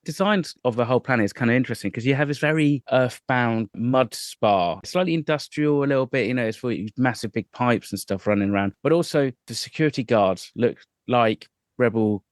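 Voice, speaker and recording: Guy co-hosting a reaction show, thinks out loud, lively and analytical, dry close mic. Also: mid-range voice, brisk, few pauses, no echo. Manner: animated, analytical, thinks aloud. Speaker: podcast co-host. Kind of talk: casual reaction chat.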